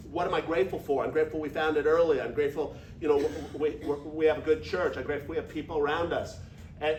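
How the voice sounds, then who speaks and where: A high-voiced man in his fifties gives a folksy, energetic motivational talk. He is heard from far off in an echoey meeting room. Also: a little hiss or hum. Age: 50s. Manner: energetic, folksy, leads audience call-and-response. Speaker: business speaker.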